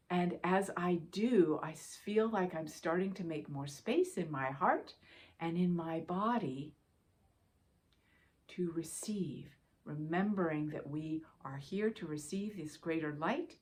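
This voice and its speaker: A woman spiritual teacher giving a gentle, reassuring guidance talk, speaking directly to her listeners and repeating key phrases for emphasis. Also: on the low side, takes it slowly.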